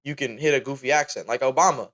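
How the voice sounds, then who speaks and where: A young man in his late teens hosting a podcast in relaxed, casual chat. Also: medium pitch, quick pace. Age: young adult. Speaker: podcast host.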